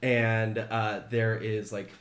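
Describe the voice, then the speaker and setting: A man's voice: on the low side, slow pace. Laid-back male game master. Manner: relaxed, laughing, lots of fillers. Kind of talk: casual tabletop game narration. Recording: roomy echo.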